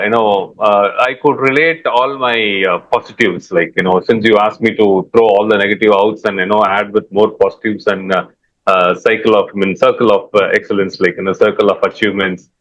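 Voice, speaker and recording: A man's voice: on the low side, normal speed, a bit bright, dull audio. A man with an Indian English accent sharing workshop feedback hesitantly, with many fillers. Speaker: workshop participant.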